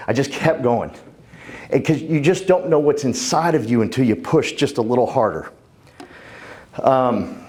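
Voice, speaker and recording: On a conference stage, a man in his 50s delivers a fervent, humorous motivational keynote in a medium-pitched, slightly mellow voice. He talks straight to the audience.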